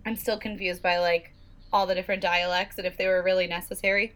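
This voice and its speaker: A woman's voice: fairly low pitch, flat delivery, fast, a bit bright. Giggly chatty young woman. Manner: giggly, chatty, lots of "like" and laughs. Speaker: podcast co-host, teacher. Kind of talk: casual chat.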